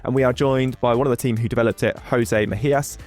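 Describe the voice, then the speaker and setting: A man co-hosts a tech podcast in a playful, easygoing way and introduces the guest. His voice sits at an ordinary middle pitch. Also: fairly even intonation, quick pace, darkish tone, faint music behind. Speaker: podcast co-host.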